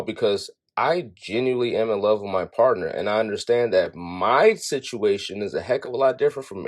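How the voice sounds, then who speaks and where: A man's voice: lowish voice, a little mellow. A man giving frank, opinionated commentary on relationships in a casual, conversational way. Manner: frank, opinionated, talking straight to camera.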